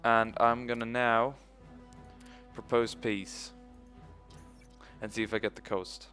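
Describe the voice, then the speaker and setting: A man's voice: medium pitch, little pitch movement, slow, bright, forceful tone, faint music behind. A young man commentating his own strategy game playthrough, rambling and swearing often. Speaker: let's play host. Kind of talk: gaming commentary.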